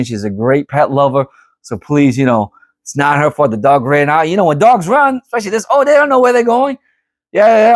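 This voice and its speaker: Middle-aged man, vlogger, casual storytelling; animated and rambling, fairly high voice, dry close sound. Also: no room sound. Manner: animated, rambling, repeats himself.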